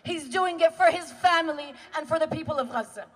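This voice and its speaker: Woman emceeing a rally, high voice, echoey pa sound. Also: fairly quick. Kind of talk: introducing a speaker. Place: outdoor rally.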